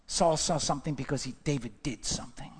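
A man's voice: fairly high pitch, fast, husky. Emphatic male preacher in echoing church. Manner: emphatic, repetitive, exhorting. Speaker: pastor. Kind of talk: sermon.

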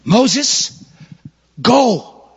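Casting: male preacher playing God urging Moses, high, loud, insistent, muffled hall. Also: very animated, very slow, gravelly, husky, heavily acted. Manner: loud, pleading, repetitive commands. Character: God calling Moses, commanding, urgent. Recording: muffled hall with long reverb.

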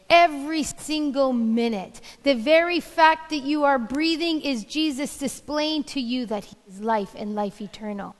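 Slow-preaching high-voiced woman pastor. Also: long reverb tail. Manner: slow, emphatic preaching with repeated rhetorical questions. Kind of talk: sermon.

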